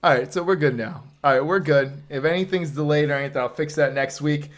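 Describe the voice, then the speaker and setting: A man's voice: on the high side, quick pace. A man hosting a casual nerd-culture podcast, rambling and joking about tech trouble. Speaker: podcast host. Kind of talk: casual chat.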